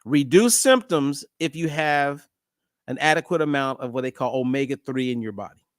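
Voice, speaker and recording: A man's voice: mid-range voice, moderate pace, no room sound, studio quality. A middle-aged man hosting a casual monologue, telling a story and acting out the dialogue. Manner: animated storyteller, acts out dialogue. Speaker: host.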